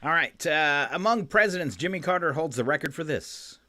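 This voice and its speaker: Lively male radio quiz host. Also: on the high side. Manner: lively quizmaster, reads trivia and headlines briskly. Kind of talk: casual radio banter.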